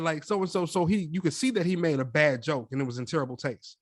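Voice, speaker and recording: A young adult man co-hosting a casual podcast chat, telling a story with animated quoted voices. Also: fairly high pitch, fairly quick, few pauses, no echo, clean studio sound. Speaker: podcast co-host.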